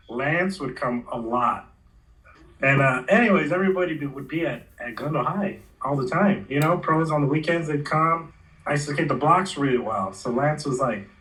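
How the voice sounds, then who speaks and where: A former pro skater in his forties from the Los Angeles area tells stories in a casual interview, laid-back and slangy, acting out the quotes. His medium-pitched, slightly bright voice is recorded from a distance, with poor audio.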